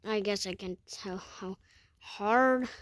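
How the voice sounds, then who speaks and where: A woman's voice: medium pitch, slow, no echo. A woman telling a storytime vlog in a rambling way, full of fillers and self-corrections. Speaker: vlogger.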